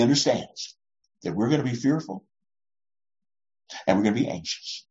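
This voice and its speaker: A woman's voice: very deep voice, very animated, normal speed, long pauses. A woman pastor giving a conversational, reassuring sermon, acting out short voices as she goes. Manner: warm, reassuring, often acts out voices. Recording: dull lo-fi recording.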